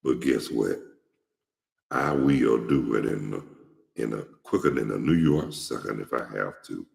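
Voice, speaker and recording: A man's voice: a bass voice, unhurried, vocal fry, darkish tone. A man hosting his own show, giving casual, outspoken commentary straight to his viewers and rambling with plenty of restarts and repeats. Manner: slangy and outspoken. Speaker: show host. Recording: echoey room with long reverb.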